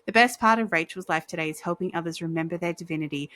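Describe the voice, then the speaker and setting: A woman's voice: fairly low pitch, quick pace, pushed and bright, dry recording. A woman hosting an interview, reading an introduction and then chatting with a giggly, chatty manner. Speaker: podcast host.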